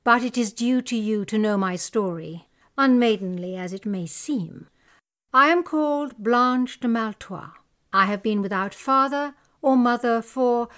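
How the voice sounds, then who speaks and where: A young noblewoman, distressed and defiant, played by a woman, speaks with raw emotion. Her voice sits a little high. It is a dramatic reading of a classic story. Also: natural voice. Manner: emotional, pleading and indignant.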